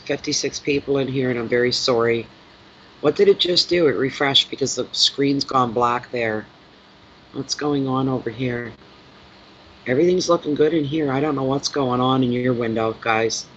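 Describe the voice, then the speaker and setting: A man's voice: mid-range voice, normal speed, fairly bright tone. A man who reads tarot, chatting casually on a live stream, rambling and talking fondly to his cat. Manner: rambling, fond baby talk to his cat. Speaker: tarot reader. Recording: dull lo-fi sound with faint noise.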